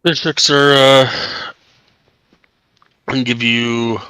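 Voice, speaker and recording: A man voicing a hesitant male shopkeeper, quoting prices with many pauses and fillers. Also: medium pitch, little pitch movement, sharp tone, clear, resonant tone, no echo, voice pushed up. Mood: haggling. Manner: haggling, halting with fillers.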